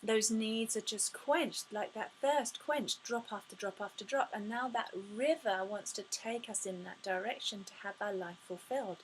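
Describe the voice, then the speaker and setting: A woman speaks as a spiritual life coach in an inspirational talk to camera. Her voice sits in a mid range, and she comes across as expressive and effusive, with frequent sighs and gasps. A faint hum of ambient noise runs behind her. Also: mid-range voice, normal speed, few pauses, poor audio.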